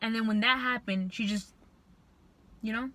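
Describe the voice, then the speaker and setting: A young woman vlogger telling a storytime to camera, venting in an animated, frustrated way. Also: on the high side, moderate pace.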